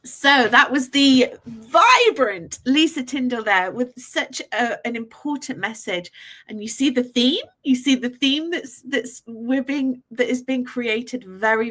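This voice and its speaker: A woman hosting an online summit, giving effusive introductions with a slightly higher voice. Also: pushed and bright. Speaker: host.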